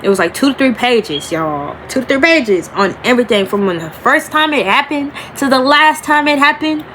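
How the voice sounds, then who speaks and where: A woman's voice: sits high, animated, a bit bright, slight background noise, low-quality recording. A young woman, telling a personal story to camera in a rambling, emotional way and calling her viewers y'all, stretching out the key words. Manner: emotional, rambling, addresses viewers as y'all, slows and rises on emphasis. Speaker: vlogger. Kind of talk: storytime vlog talking to camera.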